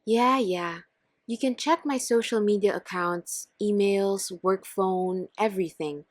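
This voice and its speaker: Remorseful wife, pleading, breathy and slow, as a woman voices her. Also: medium pitch, no echo, studio quality, natural voice. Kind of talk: scripted text-story narration.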